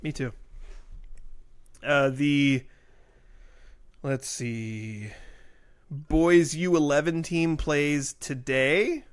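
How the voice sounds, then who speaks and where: A man's voice: on the high side, extremely slow, pauses often, clear, resonant tone. A man co-hosting a casual local sports podcast, reading youth soccer results with jokes along the way. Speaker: podcast co-host.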